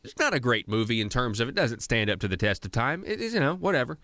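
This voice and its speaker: A man's voice: mid-range voice, quick pace, dry recording, clean studio sound. Sarcastic, rambling male talk radio host. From Arkansas. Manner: animated, sarcastic rants with frequent restarts and tangents. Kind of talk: conservative political talk radio. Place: radio studio.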